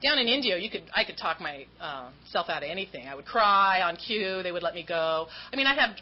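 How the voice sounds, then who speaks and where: A woman's voice: lowish voice, animated, fairly quick. A woman giving a candid, self-mocking talk as an AA speaker about her recovery, acting out the voices of people in her story. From Southern California. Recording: dull lo-fi talk recording with faint noise.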